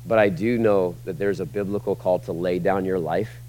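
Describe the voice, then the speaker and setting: A man's voice: deep voice, steady tone, normal speed, a little hiss or hum. Emphatic male pastor preaching. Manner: dynamic preaching, swings between loud emphatic peaks and quiet asides. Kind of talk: sermon.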